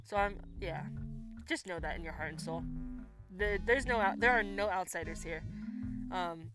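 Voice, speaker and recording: A woman's voice: medium pitch, normal speed. A woman hosting a casual livestream, reading out viewer comments and chatting back, swearing and laughing freely. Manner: chatty, swearing, laughs often, lively reactions. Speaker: livestream host. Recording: music playing behind her voice.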